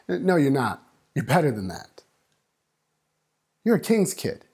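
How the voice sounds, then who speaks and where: A man preaching a sermon, building up and dropping to a hush, acting out voices in the story. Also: a little high, sing-song, a little slow, pauses often, husky. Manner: dynamic preaching, swings from loud to hushed. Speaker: pastor.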